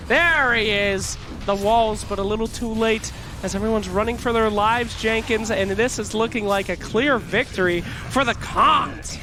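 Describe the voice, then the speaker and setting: An irreverent play-by-play caster calls a live video game match into a headset, mixing fast calls with jokes. The voice sits in a middle register over a noisy hiss. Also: mid-range voice. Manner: joking, irreverent. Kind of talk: live game commentary with banter.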